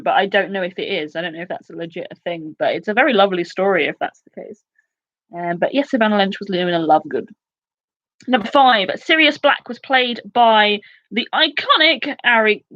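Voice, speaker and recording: A woman in her twenties hosting a casual live quiz, chatty and excitable, with quick asides. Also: mid-range voice, dull audio. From United Kingdom. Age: 20s. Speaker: quiz host.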